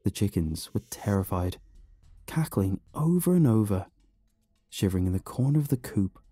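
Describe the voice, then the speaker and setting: Dramatic, husky horror narrator, male, with lively delivery and faint music underneath. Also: lowish voice, normal speed, no room sound. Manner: expressive, dramatic reading. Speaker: storyteller.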